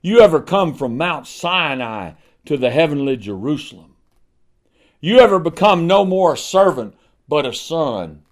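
A man preaching a sermon, swinging from hushed, low passages to ringing emphasis, with rhetorical questions and repeated refrains. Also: big pitch swings, measured pace.

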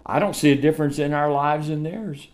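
A man preaching a sermon, swinging from shouted lines to hushed ones and laughing often. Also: fairly high pitch, a little fast.

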